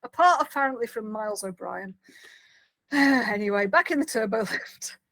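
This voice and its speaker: Woman podcaster retelling scenes, animated, quotes the lines, dry sound. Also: on the high side, normal speed, no room sound, poor audio. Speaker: podcast co-host. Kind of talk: casual chat recapping an episode.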